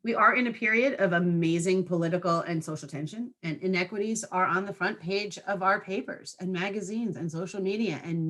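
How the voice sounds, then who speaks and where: A woman's voice: fairly low pitch, fairly bright tone. A woman trainer giving a training presentation to school staff in a conversational way, often checking in with her listeners through short tag questions.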